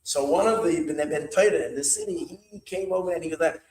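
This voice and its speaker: Animated rabbi in an echoey room. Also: male voice, on the high side, a little fast. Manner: animated, bursts of shouting when retelling yelled lines, many restarts. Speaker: rabbi telling a Hasidic story. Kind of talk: storytelling talk at an evening gathering. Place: hall of an evening gathering. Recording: echoey room, mic far off.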